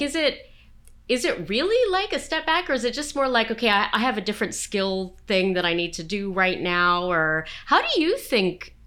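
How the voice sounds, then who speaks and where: A woman's voice: on the low side, pushed and bright, clean tone. A woman hosting an interview podcast, asking questions in a chatty, curious way. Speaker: podcast host.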